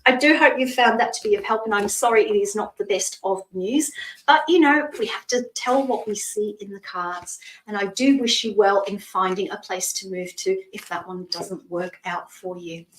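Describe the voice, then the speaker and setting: Woman, live tarot reader, gentle, chatty, echoey room, a little away from the mic. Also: mid-range voice, normal speed, recorded from a distance. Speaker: psychic reader, stand-in host. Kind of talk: live-stream tarot reading.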